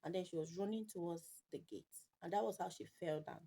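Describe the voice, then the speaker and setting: A woman's voice: on the low side, fast, dark tone. Nigerian woman vlogger telling an emotional story. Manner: emotional, rambling retelling, mixing English with Pidgin. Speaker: mommy vlogger. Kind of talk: personal storytelling to camera. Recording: noisy home video recording.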